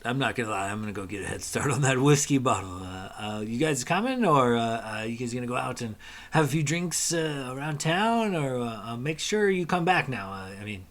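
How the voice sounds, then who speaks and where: A man's voice: medium pitch, lively intonation, brisk, a bit bright, close to an everyday voice. A man voicing a worried fatherly middle-aged man who likes his whiskey, speaking hesitantly with many fillers. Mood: worried, hearty.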